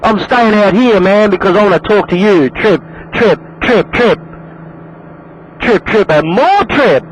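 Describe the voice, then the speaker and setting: Aussie guy on cb radio, high voice, keeps saying man, faint static. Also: animated, unhurried. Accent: Australian. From Australia. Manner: repetitive, calls everyone man. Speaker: CB radio operator. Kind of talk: casual CB radio chat. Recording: noisy radio skip.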